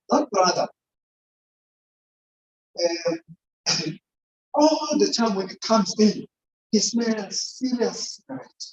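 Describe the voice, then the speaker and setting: A woman's voice: mid-range voice, lively intonation, takes it slowly, pauses often. A woman speaking informally to a church congregation, often quizzing her listeners. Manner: chatty, keeps quizzing the congregation. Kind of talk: informal sermon-style talk. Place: church hall. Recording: echoey, dull, distant church recording.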